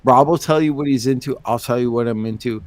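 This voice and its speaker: A man's voice: mid-range voice, fast talker, darkish tone, no echo. A tipsy man co-hosting a late-night livestream, rambling and stammering, often cursing at himself. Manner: rambling, stammering, self-deprecating, swears. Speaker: podcast co-host.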